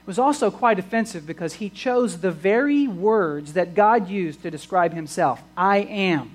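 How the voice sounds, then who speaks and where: Guy preaching a sermon, trips over his words a lot, gets loud and punchy on key lines. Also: high voice, normal speed, low-quality recording. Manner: stammering restarts, rising to emphatic bursts.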